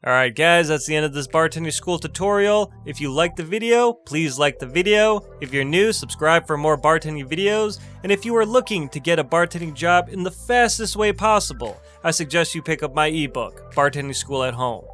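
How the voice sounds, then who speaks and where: A young adult man teaching a bartending lesson, slowly and deliberately over-enunciating each name and repeating it. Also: a little high, expressive, fairly bright tone, soft background music. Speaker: bartending instructor. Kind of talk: tutorial, pronunciation drill.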